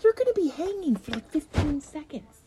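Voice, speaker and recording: A woman's voice: sits high, big pitch swings, a little fast, crowd noise. A woman co-hosting a casual podcast chat, rambling and giggly, swearing freely. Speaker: podcast co-host.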